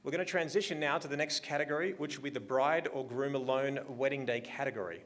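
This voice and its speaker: A man hosts a live judging broadcast in a steady, mid-range voice. He moves briskly from one announcement to the next with upbeat, measured calm. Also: mid-range voice. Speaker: awards livestream host.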